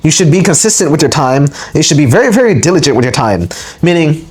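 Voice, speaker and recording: Talking fast in a fairly high voice with big swings in pitch, a man hosts a motivational spiritual lecture on his channel. The spiritual teacher stresses his points emphatically, repeating words for punch.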